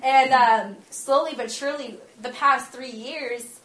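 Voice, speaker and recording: Sex: woman. Pitch: fairly high. Style: sermon with storytelling. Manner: chatty, laughs often. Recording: roomy echo, faint ambience. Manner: lively, chatty, laughs often while telling stories; slows down and softens for earnest teaching. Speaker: speaker giving a talk to a small gathering. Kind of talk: sermon mixed with personal storytelling.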